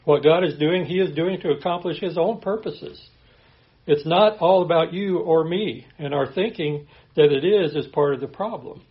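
A man preaching a sermon, reading scripture aloud and explaining it in an earnest, steady manner. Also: on the high side, moderate pace, highs cut off. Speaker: pastor.

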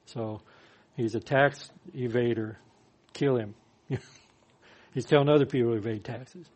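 A pastor with a steady, darkish, medium-pitched voice preaches a little slowly. He reads scripture verses aloud and then explains them with dry humor.

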